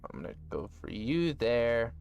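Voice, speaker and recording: A man's voice: mid-range voice, very animated, measured pace, creaky, darkish tone, clear, resonant tone, muffled recording, soft background music. A man giving casual let's-play commentary, joking and thinking aloud as he plays. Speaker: gaming video host.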